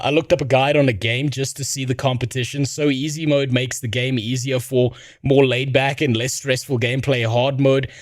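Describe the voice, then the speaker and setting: A man's voice: mid-range voice, no room sound. A man talking on his stream in a mid-range voice, swearing freely and rambling sarcastically. His voice is picked up close and dry, with almost no room around it. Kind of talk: casual reaction stream commentary.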